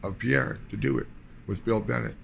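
A man's voice: on the low side, steady tone, normal speed, vocal fry, a bit bright, a little hiss or hum. A man from British Columbia giving a rambling, sardonic political monologue in loose fragments. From British Columbia, Canada. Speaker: political commentator.

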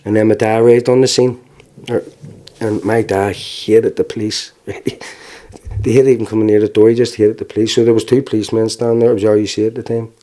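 Plain-spoken Belfast man, low and mellow. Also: little pitch movement. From Northern Ireland. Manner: frank, plain-spoken storytelling with halting restarts. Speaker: interviewee. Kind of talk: personal testimony.

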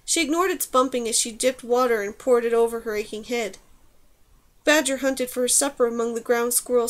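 Woman narrating an audiobook. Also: fairly high pitch. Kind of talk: scripted narration.

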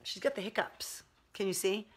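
A woman's voice: medium pitch, moderate pace, slightly rough. A woman hosting a casual livestream from home, talking loosely and rambling, with lots of fillers, about her puppy. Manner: chatty, rambling, baby talk to her dog. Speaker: live stream host.

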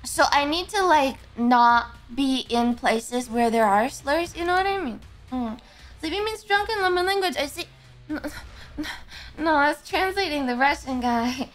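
Sleepy, high-voiced woman streamer. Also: big pitch swings, normal speed, fairly bright tone, faint music behind. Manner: sleepy, slurring words. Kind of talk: casual livestream chat.

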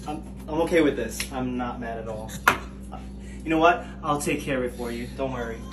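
A man's voice: medium pitch, brisk, over loud music, natural voice. A man playing a nagging, passive-aggressive young wife in a comedy sketch who keeps insisting she is not mad. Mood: sulking. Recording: echoey room, distant mic, background noise.

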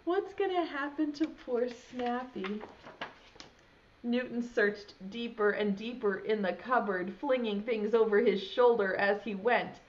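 Reading a picture book to little children during a video lesson at home, a young woman who teaches preschool stops now and then to ask them questions in an animated way. She reads slowly in a high voice that swoops widely in pitch, captured on dull, lo-fi audio.

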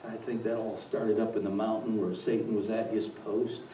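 A man preaching a dramatic storytelling sermon, swinging from hushed to loud, recorded in a church. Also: lowish voice, level tone, moderate pace, a little hiss or hum. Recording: echoey church from far off.

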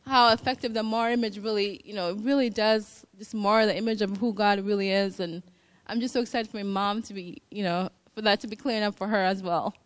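A woman sharing a story at a church gathering into a handheld microphone, talking excitedly and rambling with many "like"s. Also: mid-range voice, brisk, clear, resonant tone, no room sound. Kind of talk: casual testimony. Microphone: handheld microphone passed around.

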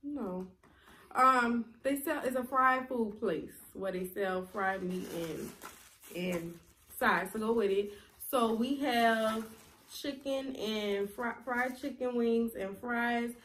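A woman's voice: on the high side, slow, a bit bright, a little hiss or hum. Chatty woman. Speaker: co-host. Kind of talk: casual mukbang chat.

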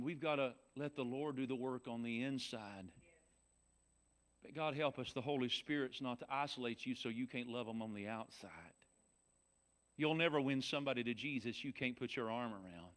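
A man with a Southern US accent, preaching a folksy sermon as pastor, dropping from loud shouts to soft, low talk. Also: moderate pace.

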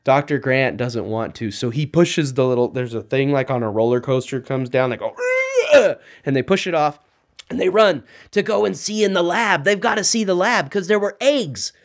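A man retelling a film story for young children, animated and quizzing his listeners as he goes. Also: a little high, moderate pace.

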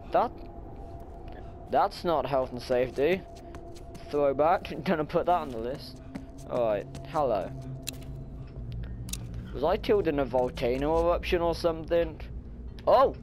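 A man's voice: on the high side, expressive, a little slow, long pauses, a little mellow, faint music behind. A young man commenting on a horror game, muttering nervously to himself and breaking into sudden startled shrieks. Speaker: gaming channel host.

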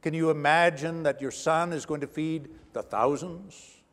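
A male pastor preaching a sermon with dramatic swings between hushed and raised delivery. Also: on the high side, fairly even intonation, a little slow. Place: church sanctuary. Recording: long church reverb.

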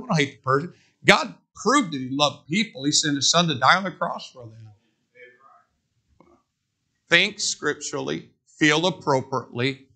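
Guy preaching a sermon, emphatic, tense sharp voice, leads the congregation in call-and-response. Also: on the high side. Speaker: pastor. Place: church sanctuary.

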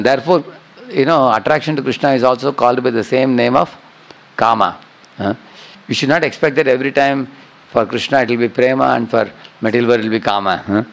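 Gravelly male teacher. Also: medium pitch, low-quality recording. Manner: keeps checking with listeners, "huh?", "correct, no?". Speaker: spiritual teacher. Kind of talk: scripture class lecture.

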